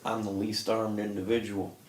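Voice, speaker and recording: Man, deep voice, gruff player, roomy echo, noisy background. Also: flat delivery, moderate pace, crowd noise. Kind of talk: casual play chat. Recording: echoey room with background noise.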